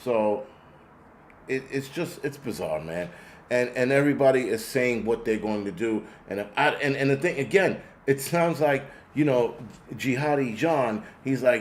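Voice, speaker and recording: A man's voice: mid-range voice, lively intonation, moderate pace, slight background noise. A man hosting a show, ranting bluntly and sarcastically with plenty of profanity while answering viewer comments. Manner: sarcastic, exasperated. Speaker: host. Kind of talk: ranting commentary reading chat.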